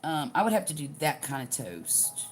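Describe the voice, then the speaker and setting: A woman's voice: low voice, big pitch swings, normal speed, faint music behind. An older woman with a Southern US accent chatting casually, folksy, reading out viewer comments and laughing often. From US Gulf Coast. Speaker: livestream crafting host.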